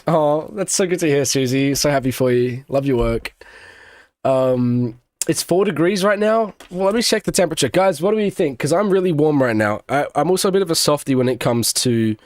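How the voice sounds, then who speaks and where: A man's voice: mid-range voice, dry recording. A young man streaming live race commentary, chatting with viewers between calls. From Australia. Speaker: streamer doing live watch-along commentary.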